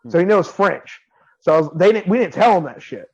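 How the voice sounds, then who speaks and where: A man's voice: high voice, lively intonation, fairly quick, a little mellow, slightly rough. A man with a slightly raised voice tells a story on a podcast in loose, casual chat, swearing freely and laughing as he acts out what others said. The audio sounds dull and lo-fi. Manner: profane, laughing, quotes people in his anecdote. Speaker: podcast co-host.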